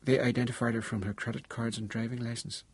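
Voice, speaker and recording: A man voicing a grieving older father and former doctor, speaking haltingly with many pauses. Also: medium pitch, flat delivery, slightly rough, dry recording, lightly acted. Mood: shaken.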